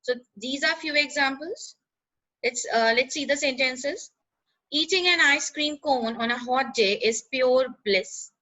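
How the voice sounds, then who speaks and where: A woman explaining grammar in a lesson, pausing with "uh" and checking in with "right?". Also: high voice, bright, forceful tone, poor audio. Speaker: teacher.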